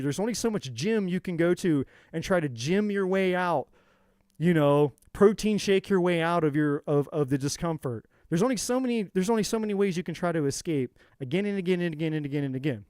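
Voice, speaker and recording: A man's voice: on the high side, darkish tone, clear, resonant tone, no echo, studio quality. A man giving a spiritual talk on a live tarot stream, preachy and profane, repeating words for emphasis. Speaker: tarot reader.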